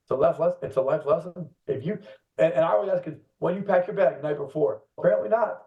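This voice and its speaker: Animated middle-aged man on a tinny line. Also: fairly high pitch, quick pace, roomy sound. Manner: animated storyteller who laughs and acts out kids and parents. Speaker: director of coaching at a youth soccer club. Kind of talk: casual podcast chat. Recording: tinny phone-line sound, distant from the mic.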